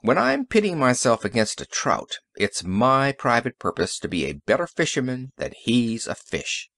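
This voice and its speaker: A man voicing a weary middle-aged police sergeant in an audiobook, speaking in a gruff, rueful, somewhat lower voice. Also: sing-song, moderate pace, fairly bright tone, dry recording. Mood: bitter. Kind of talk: audiobook character reading.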